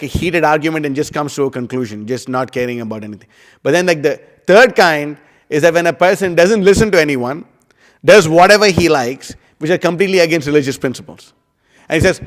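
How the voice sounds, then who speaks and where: A man giving a casual scripture class, rambling and animated, with lots of "you know" and "like". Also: a little high. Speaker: devotional class speaker. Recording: long hall reverb.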